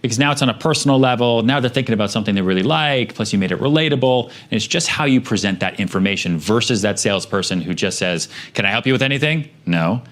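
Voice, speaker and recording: Low-voiced man giving casual sales advice. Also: fast, hardly any pauses. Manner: conversational, acts out exchanges with customers.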